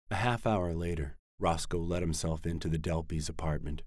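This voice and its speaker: A man with a very low, deep voice reads a novel aloud in an even, measured storytelling manner. The recording is dry and close, with no room sound around him. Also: no echo. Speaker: narrator. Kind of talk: scripted audiobook narration.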